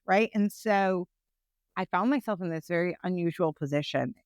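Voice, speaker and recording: A woman, a nonprofit founder, telling her personal story to an interviewer in a frank, animated way, often checking in with "right?". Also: on the low side, smooth, no room sound.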